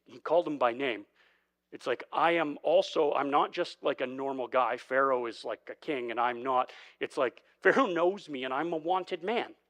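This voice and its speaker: A man's voice: fairly high pitch, fairly bright tone. A man preaching a sermon as pastor, conversational and acting out quoted dialogue. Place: church sanctuary.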